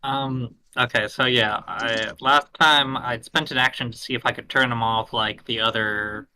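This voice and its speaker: A man playing a tabletop game, thinking aloud in a halting way. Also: medium pitch, steady tone, sharp tone, slight background noise, low-quality recording. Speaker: player. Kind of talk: casual tabletop game chat.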